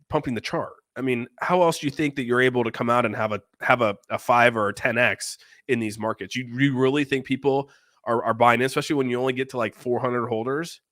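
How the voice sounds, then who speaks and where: A man's voice: mid-range voice, a bit bright, no room sound, clean studio sound. A man in casual podcast chat, blunt and profane, rambling with lots of restarts.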